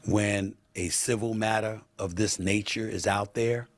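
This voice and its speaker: A man hosting a talk show, giving measured, deliberate commentary on a news story. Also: lowish voice, fairly even intonation.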